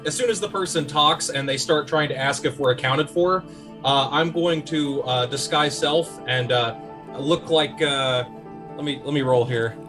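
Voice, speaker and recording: A man playing a tabletop game, speaking haltingly with many pauses. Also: medium pitch, over music. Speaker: player. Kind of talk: casual tabletop game play.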